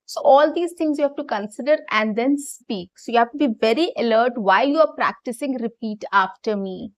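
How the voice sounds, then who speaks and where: Casting: high-pitched young woman, English coach, explanatory and encouraging tone, frequent check-ins. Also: brisk. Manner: explanatory, repeats key phrases with frequent "right?" and "okay". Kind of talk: online English lesson.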